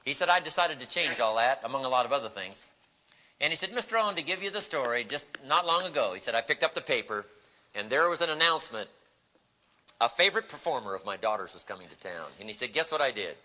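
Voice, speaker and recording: Speaking fast in a mid-range, piercingly bright voice, a man tells animated stories in a motivational seminar talk, acting out the voices of the people he quotes. The recording has a long hall reverb.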